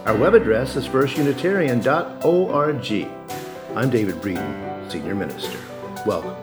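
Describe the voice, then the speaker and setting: A man's voice: mid-range voice, big pitch swings, moderate pace. A man, a senior minister, giving a formal welcome at the start of a service. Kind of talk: welcome announcement. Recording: guitar music behind. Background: plucked guitar music.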